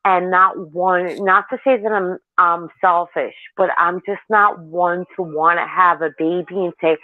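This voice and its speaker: A woman in her forties rambles candidly through her stories, her tone lively and frank. She comes through a thin, tinny phone line with a dry, close sound. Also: fairly low pitch, measured pace, hardly any pauses, no echo. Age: 40s. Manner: rambling, candid, animated storytelling. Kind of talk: casual chat.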